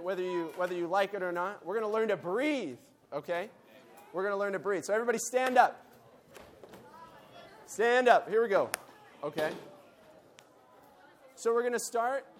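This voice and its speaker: At a conference meeting, a high-pitched man teaches a Bible lesson and leads the audience in call and response as a group exercise. A slight hiss or hum runs under the recording.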